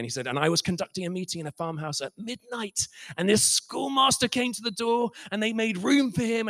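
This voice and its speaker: A man preaching a sermon, telling stories with passion and swinging from soft to loud. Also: high voice, no echo. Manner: impassioned, swings from soft to loud, acts out quoted voices. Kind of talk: sermon storytelling.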